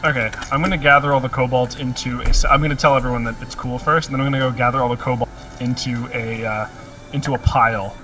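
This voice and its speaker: A man's voice: mid-range voice, steady tone, quick pace. A man playing a tabletop game, joking and playful in casual chat. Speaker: player. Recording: distant mic with faint music.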